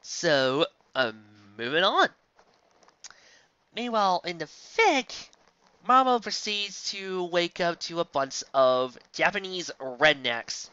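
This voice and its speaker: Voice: medium pitch, very animated, slow, bright, forceful tone, smooth, no room sound, dull audio. A fanfiction reader from the Southern United States, reading a story aloud with sarcastic, exasperated asides. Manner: sarcastic, exasperated, jumps between reading and ranting.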